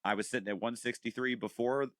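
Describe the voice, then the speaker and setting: A man's voice: medium pitch, fairly even intonation, quick pace, fairly bright tone, no echo, studio quality. A man co-hosting a podcast, chatting casually with jokes and swearing. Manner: joking, swearing, matter-of-fact. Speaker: podcast co-host.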